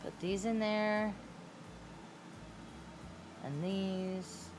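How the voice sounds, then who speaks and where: Giggly slow-talking woman streamer. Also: medium pitch, steady tone, background noise. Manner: chatty storyteller, giggles often and swears casually. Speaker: game streamer. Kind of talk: casual livestream chat while playing.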